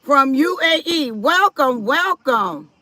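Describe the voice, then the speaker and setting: Lady live streaming, high bright voice, chatty, reading comments off her chat. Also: lively intonation, takes it slowly, no echo. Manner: chatty, reads out viewer comments, firm about respect. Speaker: livestream host.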